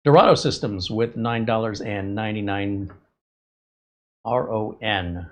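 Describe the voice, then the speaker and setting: A man's voice: lowish voice, dull audio. A male tech show host chatting casually and jokingly, often hesitating with ums and uhs. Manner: hesitant, joking, fills pauses with um and uh. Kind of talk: casual demo chat.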